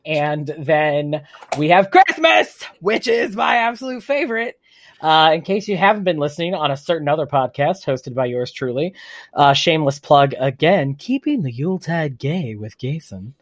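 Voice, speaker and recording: A man's voice: on the high side, normal speed, no room sound. Campy male podcaster, chatty and self-mocking, dry close mic. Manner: chatty, campy, laughs at himself. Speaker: podcast host. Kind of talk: solo podcast monologue.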